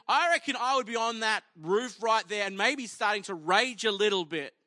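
A man delivering a sermon in a slightly high, forceful and bright voice. He tells the story in a casual, humorous way and acts out each person in it. The sound is dry and close, with no room around it. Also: moderate pace, no room sound. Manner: animated storytelling, acting out the people in the story; conversational and humorous. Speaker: pastor.

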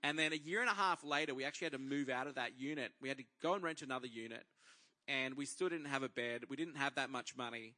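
A man in his thirties preaching, telling a personal faith story to a congregation as an animated storyteller who acts out his own inner dialogue. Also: medium pitch, quick pace.

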